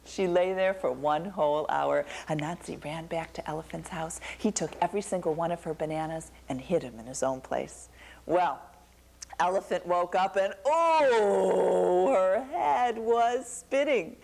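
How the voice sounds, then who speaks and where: A woman telling a folktale to a young audience, animated and asking them questions. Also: sits low, moderate pace, gravelly. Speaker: storyteller.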